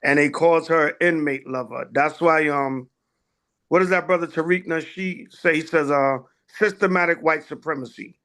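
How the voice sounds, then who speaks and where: A man's voice: fairly high pitch, steady tone, normal speed, pushed and bright. A man, an elder leading a class, telling stories in a casual way with many fillers and voiced dialogue.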